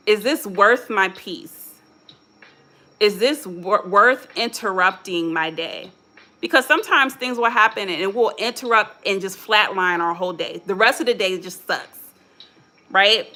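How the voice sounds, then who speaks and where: A woman with a mixed Philadelphia and Chicago accent talks straight to her live viewers, casual and candid. Her voice is bright and clear and sits at a middle pitch. She coaches them through calming down with quoted self-talk. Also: a little slow. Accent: American English, Philadelphia and Chicago mix. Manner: speaks straight to viewers as "y'all". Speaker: motivational host. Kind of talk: live-stream motivational talk.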